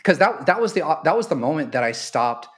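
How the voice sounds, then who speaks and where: A man's voice: a little high, sing-song, a little fast, a bit bright. A man as a podcast guest, talking casually and animatedly, often correcting himself mid-sentence. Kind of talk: casual conversational reflection.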